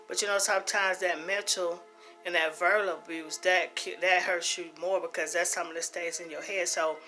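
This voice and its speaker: A woman's voice: fairly low pitch, bright, forceful tone. A middle-aged woman talking earnestly and emphatically about her own life, repeating phrases for stress. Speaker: host. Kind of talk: personal testimony talk.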